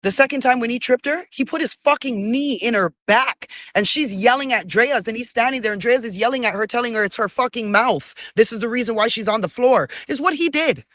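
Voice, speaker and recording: A commentator in their forties reacting heatedly, cursing freely and scolding in a blunt, streetwise way. The voice is mid-pitched and recorded dry and close, with little room sound. Rhetorical questions often pile up in quick bursts. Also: a bit bright, dry recording. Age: 40s. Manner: rapid-fire rhetorical questions. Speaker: commentator reacting to a reality show.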